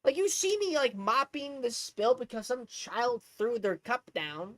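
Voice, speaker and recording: Streamer lady ranting away, cussing a lot, bright voice that bounces all over. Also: a little high, unhurried, no room sound. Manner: profane, rambling, animated storytelling. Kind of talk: casual ranting chat.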